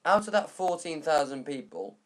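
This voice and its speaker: A man's voice: fairly high pitch, big pitch swings, moderate pace. A young man casually recapping the week's football news in a vlog. He rambles and jokes, often correcting himself mid-sentence. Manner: rambling, jokey, self-correcting.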